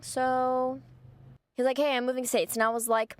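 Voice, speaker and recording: A young woman vlogger telling a story in a casual way. She is animated and blunt, swears freely and acts out the scenes dramatically. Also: sits high, moderate pace, no echo.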